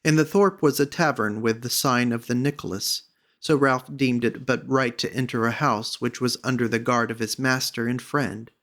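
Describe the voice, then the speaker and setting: A man reading a classic storybook aloud as an audiobook narrator, in a measured, even manner. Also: mid-range voice. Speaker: audiobook reader.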